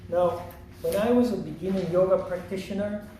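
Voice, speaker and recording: A man teaching a yoga lesson in a slow, measured, reflective way. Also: high-pitched, fairly even intonation, dark tone, slight background noise. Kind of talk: lecture. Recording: roomy echo from a distant mic.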